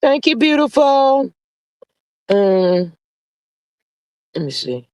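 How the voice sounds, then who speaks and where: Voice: medium pitch, sing-song, very slow, a little mellow, clean tone. A sassy live stream host chatting gossip and reading viewer comments, drawling out pet names between playful hums. The voice sits in a middle register and sounds dry and close, with no room echo. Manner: sassy and drawling, full of "child" and "honey" asides; playful, with sing-song hums and laughs.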